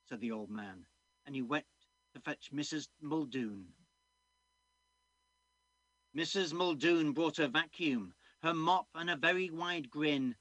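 A man's voice: medium pitch, unhurried, no echo, rough recording. A man from Doncaster performing a rhyming story poem at an online open mic. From Doncaster, England. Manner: lively storytelling delivery. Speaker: poet reading at an open mic. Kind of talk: performed rhyming verse reading.

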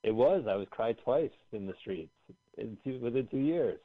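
A man's voice: mid-range voice, animated, moderate pace, dry recording. A man hosting a podcast in casual chat, joking around and rambling through plugs and announcements. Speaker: podcast host. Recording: phone-like dry line.

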